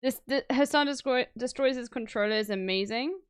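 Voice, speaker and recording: Chatty young woman streamer, smooth voice. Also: sits high, a little fast, no room sound, studio quality. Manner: chatty, laughs often, loose filler words. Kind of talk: casual chat to viewers.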